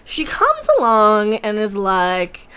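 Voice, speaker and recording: A woman co-hosting a casual reaction chat, sarcastic and animated, laughing often. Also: mid-range voice, slow, smooth. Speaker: co-host reviewing a show. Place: home room with computers running.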